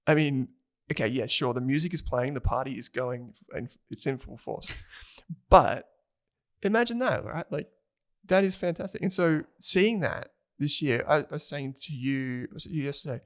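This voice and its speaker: A man's voice: mid-range voice, moderate pace. Chatty man co-hosting a podcast. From Australia. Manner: chatty, rambling, laughs easily. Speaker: podcast co-host. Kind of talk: casual chat.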